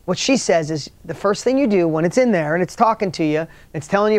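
A man's voice: high-pitched, lively intonation, brisk, few pauses, dry recording. Earnest, rambling middle-aged man speaker. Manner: earnest, rambling, with frequent restarts. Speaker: motivational speaker. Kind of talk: motivational talk to an audience.

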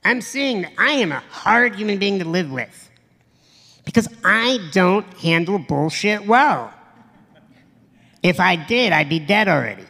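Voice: mid-range voice, very animated, unhurried, vocal fry, long pauses, pushed and bright, long reverb tail. A motivational speaker giving a live stage talk to an audience, blunt and profane, emphatic, acting out quoted voices.

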